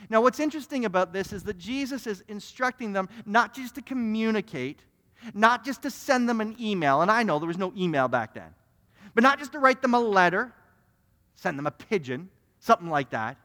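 Male pastor, high voice, sermon with repeated restarts, long church reverb. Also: animated, moderate pace, bright, forceful tone. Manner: repetitive restarts, acting out little scenes. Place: church sanctuary.

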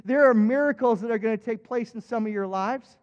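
A man's voice: very high voice, brisk. A male pastor preaching a sermon with impassioned emphatic peaks. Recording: dull recording with long hall reverb.

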